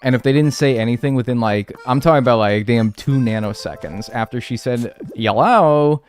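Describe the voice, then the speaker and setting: A man's voice: mid-range voice, fairly even intonation, a little fast, a little mellow, smooth, soft background music. A man in his twenties chatting casually and profanely with his viewers while playing a game, rambling and trailing off into mumbles. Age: 20s. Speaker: streamer. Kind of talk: casual chat while gaming and reading chat.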